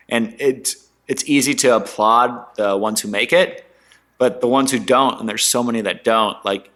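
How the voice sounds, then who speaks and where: A man in his twenties, a guest entrepreneur, telling his story in a casual interview in an animated, slangy way. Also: mid-range voice. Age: 20s. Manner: animated, slangy, mimics others in quotes.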